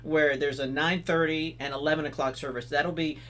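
A man's voice: on the high side, steady tone, a little fast, bright, forceful tone. A man, an executive pastor speaking as a podcast guest, enthusiastic and explanatory. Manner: enthusiastic, explanatory, many restarts and fillers. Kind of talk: casual podcast interview.

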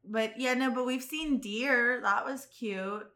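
A woman chatting casually, adding wry, deadpan interjections. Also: on the high side, slow. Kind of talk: casual chat.

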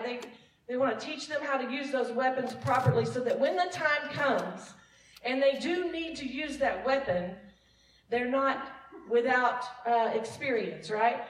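A woman's voice: on the high side, distant mic. A woman who leads praise and worship, giving a casual, self-deprecating testimony sermon to her church and laughing often. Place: church sanctuary. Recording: echoey room, mic from afar.

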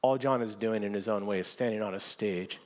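A man preaching a sermon, telling stories with lively swings from near whispers to loud exclamations, often restarting his words. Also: on the low side, brisk. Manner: animated storytelling, swinging from hushed to shouting; frequent restarts and repeated words. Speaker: pastor.

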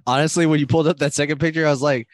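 A man's voice: fairly high pitch, fairly even intonation, rapid-fire. A man chatting casually on a podcast, teasing the others and laughing often. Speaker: podcast co-host. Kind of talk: casual chat.

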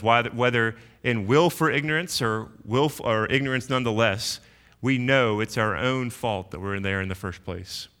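A man's voice: mid-range voice, pushed and bright. A man preaching an expository sermon in an earnest teaching tone, often repeating words as he thinks.

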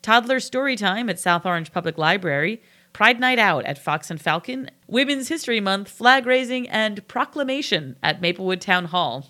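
Bright-voiced woman co-hosting a local podcast. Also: medium pitch, animated, moderate pace. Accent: New Jersey. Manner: reads listings, laughs often. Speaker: podcast co-host. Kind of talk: casual local events chat.

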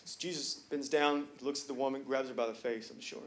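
A man preaching a sermon in a church, talking casually with jokes and slang, then building to loud, emphatic points. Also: medium pitch, steady tone, fairly quick, a little hiss or hum. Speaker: pastor. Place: church sanctuary.

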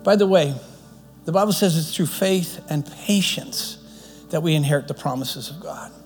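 A man's voice: a little high, moderate pace, long reverb tail, soft background music. A man preaching a sermon, retelling a story earnestly, often restarting his phrases.

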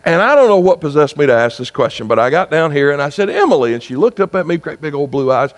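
A man's voice: a little high, lively intonation, fast talker. A man, preaching a sermon in a conversational storytelling style that builds to fervent exhortation. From South Carolina. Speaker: pastor. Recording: long reverb with mains hum.

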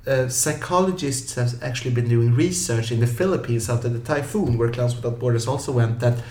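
A professional clown telling lively stories in an interview, acting out scenes with yelps and funny voices. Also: male voice, mid-range voice, a little fast. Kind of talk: animated storytelling in an interview. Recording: echoey room.

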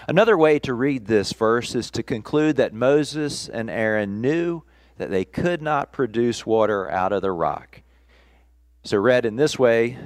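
A man preaching a sermon at a streamed church service, slow and deliberate with measured pauses. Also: mid-range voice, no echo. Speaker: pastor.

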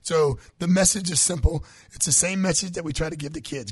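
A man's voice: on the high side, fairly quick, slightly rough, no echo. A man co-hosting a health talk show, chatting casually and acting out quotes as he tells stories. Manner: animated storyteller, acts out quotes. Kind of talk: casual chat.

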